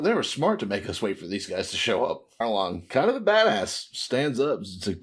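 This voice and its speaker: A man co-hosting a casual podcast, recapping a comic with lively, swearing banter and quick acted-out quotes. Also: fairly low pitch, husky. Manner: animated and profane, acting out characters' lines in quick voices. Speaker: podcast co-host.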